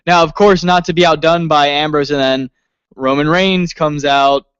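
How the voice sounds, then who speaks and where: Man co-host, slightly high smooth voice, excitable, swears a lot, dry dull recording. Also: normal speed, no echo. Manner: excitable, swears often, laughs while telling. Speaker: podcast co-host. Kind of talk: casual wrestling review chat.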